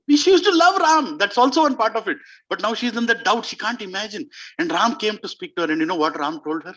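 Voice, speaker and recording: A man preaching a devotional story, his fairly high voice leaping animatedly with emphatic questions to the room. The tone is bright and forceful, and the recording sounds dull and lo-fi. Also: very animated, fast. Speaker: spiritual speaker. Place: community clubhouse hall before an audience.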